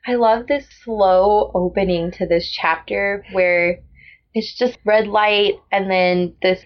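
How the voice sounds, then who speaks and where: Woman book podcast co-host, casual and animated, mid pitch, slightly dull lo-fi sound. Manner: chatty, animated, quick to agree. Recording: lo-fi dull audio.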